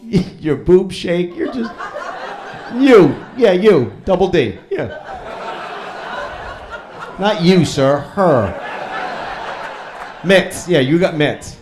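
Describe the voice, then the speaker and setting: This stand-up comedian has a high, slightly mellow voice and a hint of New in his speech. Working a laughing comedy club crowd, he's brash and crude, teasing the audience throughout his set.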